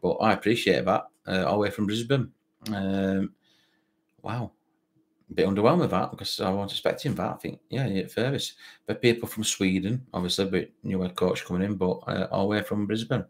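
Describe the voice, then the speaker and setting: Here the football live stream host talks a little fast in a low-pitched voice, his broad Barnsley Yorkshire accent carrying through rambling, casual chat. He reads out viewer comments, repeating himself and leaning heavily on fillers.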